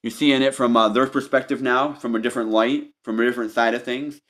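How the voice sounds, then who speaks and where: A man's voice: medium pitch, steady tone, fast, a bit bright. A man giving an unscripted tarot reading, talking straight to the listener, repeating and restarting his phrases as he goes. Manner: repetitive, meandering, restarts phrases often; addresses the listener directly as "you". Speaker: tarot reader.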